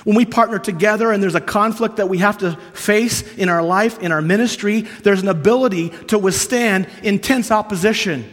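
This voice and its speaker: A man from Canada preaching a sermon, earnest and storytelling, moving between hushed and emphatic. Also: sits high, a little fast, few pauses. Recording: long hall reverb.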